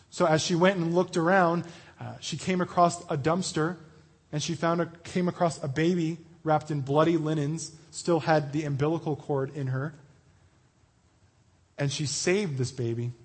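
A man preaching an earnest, animated sermon to a young crowd, acting out quoted voices as he goes. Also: fairly high pitch, husky, in a large hall.

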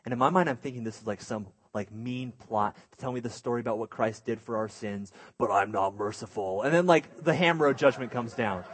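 Husky-voiced man telling a story. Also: mid-range voice, a little fast, few pauses. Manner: animated, self-mocking storytelling; drops to a hushed voice for inner thoughts. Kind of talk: personal story in a sermon.

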